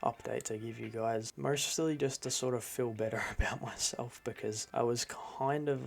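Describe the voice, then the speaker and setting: Gravelly young man rambling earnestly. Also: mid-range voice, steady tone, moderate pace. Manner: earnest, rambling, self-doubting, lots of fillers. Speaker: fan film creator. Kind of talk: casual direct-to-camera update.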